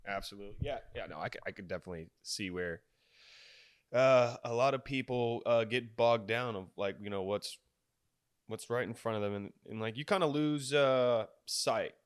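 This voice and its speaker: Rambling podcast host, dry sound. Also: male voice, medium pitch, moderate pace, smooth, no room sound. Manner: loose and rambling, full of 'uh' and 'like'. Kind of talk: casual podcast interview.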